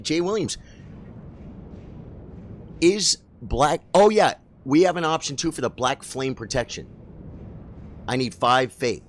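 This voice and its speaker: A man giving excitable, chatty live commentary while streaming a game and talking to his chat. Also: lowish voice.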